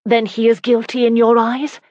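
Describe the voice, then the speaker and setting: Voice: medium pitch, flat delivery, moderate pace, darkish tone, no room sound, lo-fi sound, pitched above the performer's own voice, lightly acted. A narrator voicing an anguished, defiant young noble wife in an audiobook, pleading and strained.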